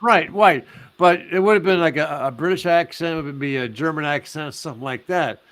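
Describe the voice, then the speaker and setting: A man's voice: fairly high pitch, fairly quick, a bit bright, dry recording. Rambling man hosting a live stream. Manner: rambling, many fillers and restarts. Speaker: host. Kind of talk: casual live-stream chat.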